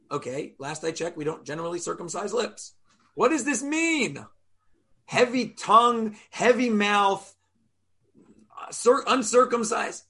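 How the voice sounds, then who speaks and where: A man teaching a Torah lesson, animated, asking rhetorical questions and sounding out Hebrew letters aloud. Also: high-pitched, measured pace, slightly rough.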